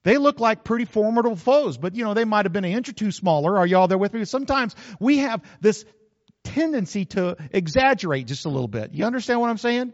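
A pastor preaching in a high, very animated voice, folksy and full of jokes and asides to his congregation. His voice rings through a large, reverberant sanctuary. The recording sounds slightly muffled. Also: a little fast. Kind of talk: sermon.

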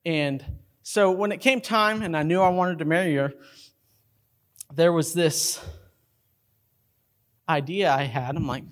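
A man's voice: measured pace, pauses often. A middle-aged male pastor, preaching a sermon to his congregation and telling stories, acting out characters along the way. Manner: storytelling, acts out movie characters in a high voice. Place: church sanctuary.

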